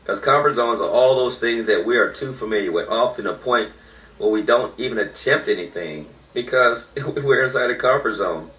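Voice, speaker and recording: A man's voice: mid-range voice, normal speed, a bit bright, recorded from a distance. A man giving an informal motivational talk, emphatic and repeating his key points. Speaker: motivational speaker. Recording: echoey room, voice off-mic.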